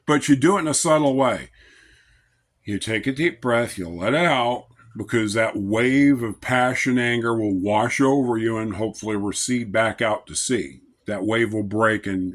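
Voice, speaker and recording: A man giving an informal devotional talk as a Christian lay speaker, in a calm, measured, conversational way. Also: fairly low pitch.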